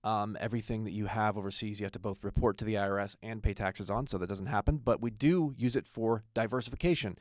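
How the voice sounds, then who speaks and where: A man's voice: lowish voice, fast talker, hardly any pauses, no room sound. American man hosting with dry humor. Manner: self-deprecating, joking, rambling with fillers. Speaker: podcast host, attorney. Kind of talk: casual podcast introduction.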